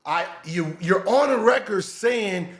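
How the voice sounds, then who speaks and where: Male podcast host, sarcastic reactor, high animated voice, roomy sound. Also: slow pace. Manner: mocking, sarcastic, shouts and laughs. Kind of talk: reacting to clips.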